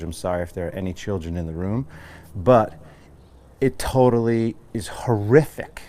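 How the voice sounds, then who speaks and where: An American yoga teacher from Long Island, a man with a fairly low voice. He talks earnestly and casually, rambling and restarting his sentences as he guides the class. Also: moderate pace, warm tone. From Long Island, New York.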